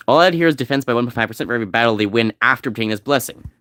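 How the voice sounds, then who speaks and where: Brief: man, mid-pitched, casual gameplay chatter, rattles off game text, dry close mic. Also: animated, a bit bright, dry recording. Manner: rambling, reads game text aloud fast. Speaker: game streamer.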